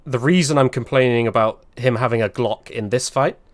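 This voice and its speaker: A man's voice: medium pitch, brisk, no echo. Rambling, chatty male game streamer. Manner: chatty and rambling, laughs often, complains about the game. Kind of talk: casual live-stream commentary.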